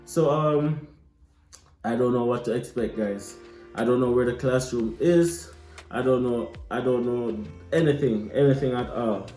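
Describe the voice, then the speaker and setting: A young Jamaican man telling a lively, casual story, slipping into patois. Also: medium pitch, measured pace. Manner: animated, mixes patois into his telling. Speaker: vlogger. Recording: echoey room with light music.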